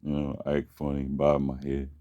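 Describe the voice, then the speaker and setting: A man's voice: extremely low pitch, monotone, moderate pace, warm tone, lo-fi sound. A man casually telling a long personal story, rambling and profane, with many restarts. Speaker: vlogger.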